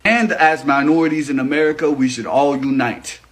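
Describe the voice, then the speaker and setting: A man's voice: fairly high pitch, fairly even intonation, moderate pace. A man giving casual commentary to camera, joking and rambling, with some swearing.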